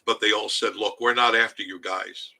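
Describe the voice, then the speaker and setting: Husky older man chatting with viewers. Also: fairly low pitch, steady tone, moderate pace, bright, forceful tone, poor audio. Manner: chatty, rambling, reads comments aloud. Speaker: livestream host reading chat. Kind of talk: casual live chat.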